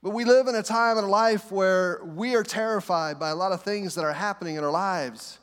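High-voiced man preaching in a reverberant hall. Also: fairly bright tone. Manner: preaching with dramatic pauses and repeated reassurances. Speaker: pastor. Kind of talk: sermon.

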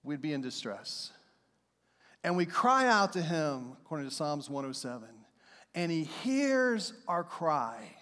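A man preaching a sermon to his congregation in a lively storytelling manner, now and then acting out what people said. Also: a little high, a little slow. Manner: storytelling, animated, acts out shouts and quotes. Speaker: pastor. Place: church sanctuary. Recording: long hall reverb.

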